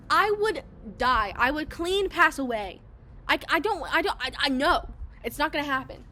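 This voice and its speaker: In a public place, a young podcast host chats casually through a story, lively as she performs other people's words in quotes. Her voice sits high at a normal speed, and there's a little background noise.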